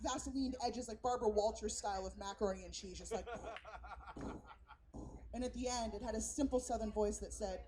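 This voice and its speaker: A woman stand-up comedian from San Francisco works a live stage. She has a high, bright-sitting voice and tells her stories brashly, with plenty of profanity. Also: moderate pace. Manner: brash, profane, animated storytelling.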